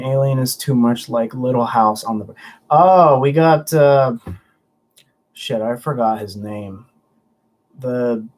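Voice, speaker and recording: This livestream host is a young man with a mid-range, slightly mellow voice. He chats loosely and responds to viewer comments in a rambling, chatty way, often stumbling and restarting.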